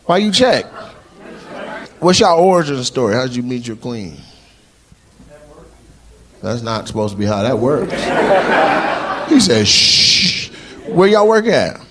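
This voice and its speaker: A man doing stand-up crowd work on a club stage, teasing audience members with brash remarks that rise to loud shouts. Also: medium pitch, sing-song, moderate pace, pauses often, poor audio. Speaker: stand-up comedian. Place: comedy club stage before a live audience. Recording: live club recording with crowd noise. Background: audience laughter and crowd noise.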